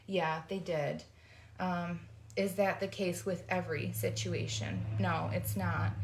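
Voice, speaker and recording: A woman's voice: on the low side, darkish tone. A woman in her forties hosting a casual faith talk, speaking in an earnest, rambling, heartfelt way. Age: 40s. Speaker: host.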